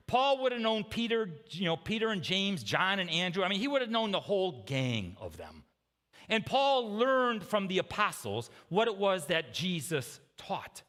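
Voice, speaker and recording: A man delivers a sermon with a high voice that swings widely in pitch. He talks to the congregation in a loose, conversational way and keeps tossing in quick checks like "okay?" and "right?". His voice carries a long, trailing church reverb. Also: sing-song, a bit bright. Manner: conversational preaching with frequent "okay?" and "right?" asides. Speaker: pastor. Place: church sanctuary.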